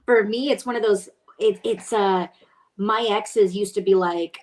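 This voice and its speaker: A woman's voice: mid-range voice, fairly even intonation, moderate pace, a little mellow. A young woman hosting a podcast, chatting casually and telling stories bluntly with plenty of swearing. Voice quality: blunt, profane storytelling. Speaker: podcast host. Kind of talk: casual chat.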